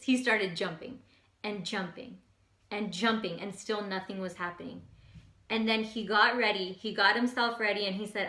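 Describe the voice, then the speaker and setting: A woman hosting an energetic, casual motivational talk who repeats lines for emphasis. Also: medium pitch, moderate pace. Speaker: motivational host. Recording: echoey room.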